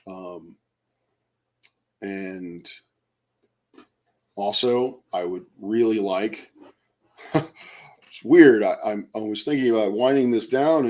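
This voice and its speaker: This man's voice is mellow and fairly low. He rambles hesitantly through a casual late-night livestream from home, full of fillers, greeting viewers by name.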